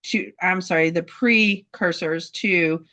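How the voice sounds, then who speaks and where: A woman telling a heartfelt story about her dogs' health, halting, with many fillers and restarts. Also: lowish voice, pushed and bright. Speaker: dog breeder sharing a testimonial. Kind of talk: casual testimonial in a group talk.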